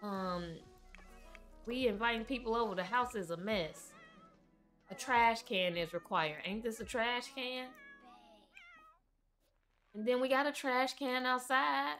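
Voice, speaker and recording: Woman, livestream gamer, unhurried chatty commentary, soft music behind. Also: fairly high pitch. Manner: chatty, talks to her game characters. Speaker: gaming livestreamer.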